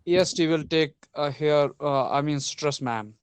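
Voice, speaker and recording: Hesitant student with a smooth voice. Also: mid-range voice, unhurried. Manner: hesitant, with fillers.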